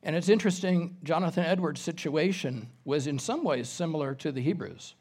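A pastor delivers an expository sermon, reading scripture aloud and unpacking it verse by verse, occasionally clearing his throat. His voice is fairly high and somewhat dark in tone, and he moves at a brisk pace.

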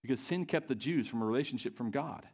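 A man delivering a sermon in a church, often pausing to put questions to the congregation. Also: mid-range voice, lively intonation, a little mellow. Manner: asks the congregation questions, pacing varies. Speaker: preacher.

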